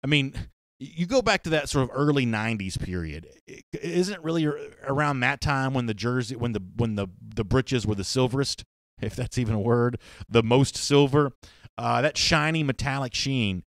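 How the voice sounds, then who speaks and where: A man's voice: mid-range voice, lively intonation, normal speed, no room sound, clean studio sound. A man hosting a live sports talk show, chatting casually and reading viewer comments, rambling with restarts and fillers.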